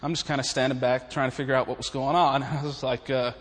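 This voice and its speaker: A man's voice: mid-range voice, flat delivery, fast, a bit bright. A man preaching in a humorous, folksy way, chuckling his way through stories. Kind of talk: humorous storytelling sermon. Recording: long reverb of a large hall.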